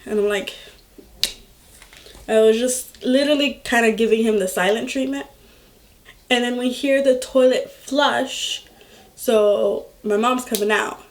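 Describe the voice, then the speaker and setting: A young woman vlogger telling a personal story in a slow, halting way, full of filler words. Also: a little high, slight background noise. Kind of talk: storytime vlog.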